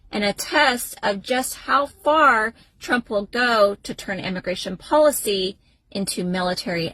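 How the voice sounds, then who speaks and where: Female news reader, slow and emphatic, dry close sound. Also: a little high, sharp tone, no echo, low-quality recording. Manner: deliberate, emphatic news reading. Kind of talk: scripted social media news update.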